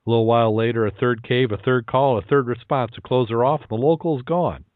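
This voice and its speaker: A man hosting a podcast, chatty and quick to laugh, repeating words as he goes, between casual chat and telling jokes. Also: mid-range voice, no room sound. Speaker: podcast host. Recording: tinny phone-like line.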